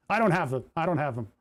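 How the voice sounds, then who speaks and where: A man from New Jersey chatting casually on a live stream, rambling and chuckling as he thinks aloud while working on electronics. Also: on the high side. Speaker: livestreamer building electronics.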